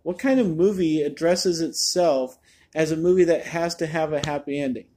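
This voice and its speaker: A man talks through a movie review in a loose, chatty way, sounding exasperated and often repeating a word as he restarts a sentence. His voice sits a little on the high side, with a mellow, soft-edged tone. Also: moderate pace. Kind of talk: casual spoken review.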